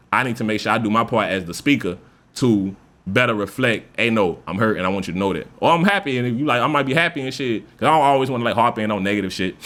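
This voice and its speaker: A man hosting a podcast, talking casually and loosely with lots of profanity, now and then acting out example voices. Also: mid-range voice. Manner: loose, profane, animated speaker who acts out example voices. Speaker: podcast host. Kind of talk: casual monologue.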